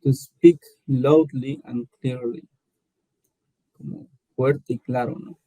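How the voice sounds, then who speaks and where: Male English learner: slow, deep-toned, hesitant, repeats words while he searches for them. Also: fairly even intonation, dark tone, dry recording, low-quality recording. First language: Spanish. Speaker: English student. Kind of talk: online English lesson.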